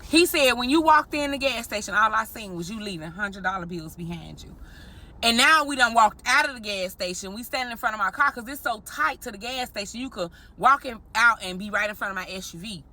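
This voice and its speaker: A married woman telling an animated story straight to her viewers in a vlog, often calling them y'all. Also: a little high, a little fast. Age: adult, married. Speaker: vlogger.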